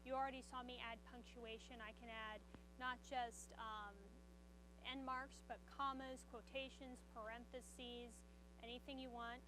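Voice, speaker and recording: A woman from the southern United States giving an upbeat conference presentation, demonstrating software and answering audience questions. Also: a little high, flat delivery, a little slow, background noise. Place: conference room.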